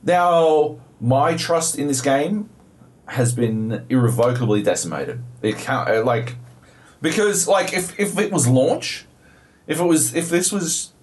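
A man's voice: on the high side, sing-song, measured pace. A young Australian man co-hosting a podcast, telling a story in a profane, exasperated way. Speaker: podcast co-host. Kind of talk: casual chat about video games.

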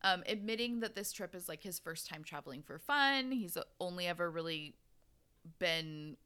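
A woman's voice: on the low side, expressive, normal speed, pushed and bright, clear, resonant tone. A woman hosting a podcast, recapping a story in casual chat and laughing and swearing freely. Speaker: podcast host recapping a romance novel.

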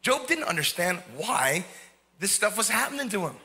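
Bright-voiced impassioned male pastor. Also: sits high, sing-song, moderate pace, creaky. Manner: impassioned preaching, rising to cries in acted quotes. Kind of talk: sermon. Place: church sanctuary.

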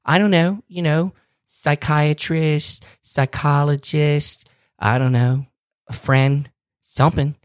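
A man's voice: on the high side, slow pace, clear, resonant tone, dry recording, clean studio sound. A man from Maryland with a Baltimore accent, co-hosting a casual chat and getting worked up as he jokes. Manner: animated, gets worked up, joking. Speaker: podcast co-host.

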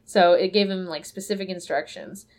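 A woman's voice: fairly low pitch, normal speed. A woman chatting casually, animatedly retelling a story and acting out the characters' lines, swearing freely. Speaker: podcast host recapping a film. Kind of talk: casual chat.

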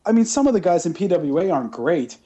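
Man, podcast co-host, casual chat, fairly high voice, mellow tone, animated rant. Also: fast talker, slightly rough. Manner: animated, ranting, breaks into mocking impressions.

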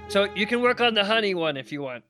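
Excitable rambling high-voiced man. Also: fast talker, music in the background. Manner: rambling, excitable, many restarts. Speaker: player. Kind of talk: tabletop role-play in character.

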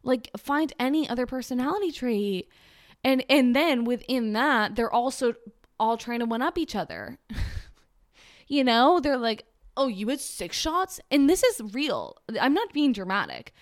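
A woman's voice: a little high, big pitch swings, measured pace, no room sound, clean studio sound. A woman in her twenties ranting casually and sarcastically, rambling with lots of fillers.

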